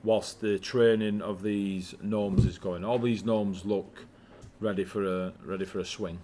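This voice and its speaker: Low-voiced game master. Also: male voice, fairly even intonation, measured pace, warm tone, slight background noise. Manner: casual, swears in surprise. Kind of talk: narrating a tabletop game.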